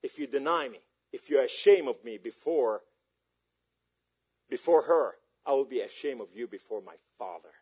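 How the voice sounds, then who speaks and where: A husky-voiced preacher quoting God speaking to him. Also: male voice, medium pitch, expressive, normal speed, a little mellow. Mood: solemn. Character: God speaking gently to his son.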